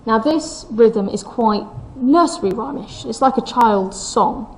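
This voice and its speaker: A woman's voice: on the high side, measured pace, low-quality recording. Woman teacher going through a poem, reads the lines out with the beat stressed, little bit of hiss behind. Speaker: English teacher. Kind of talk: recorded poetry lesson.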